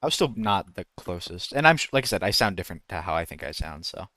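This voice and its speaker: A man's voice: low voice, big pitch swings, fast talker, sharp tone, no room sound. A man streaming a game and chatting casually, rambling and breaking off to try voice impressions. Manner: rambling, self-interrupting, tries out voice impressions. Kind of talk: casual gaming stream chat.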